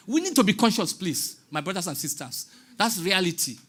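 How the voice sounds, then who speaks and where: A man's voice: high voice, big pitch swings, fairly quick, background noise. A Nigerian man in his sixties giving a public talk on stage, passionate and preaching, dropping into Pidgin. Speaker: guest artist speaking on stage. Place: stage in a large venue.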